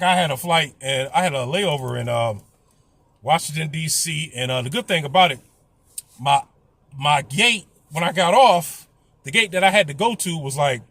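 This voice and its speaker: High, bright-voiced man ranting. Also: husky, no room sound. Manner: profane, blunt and complaining. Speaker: vlogger. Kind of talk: casual storytelling rant.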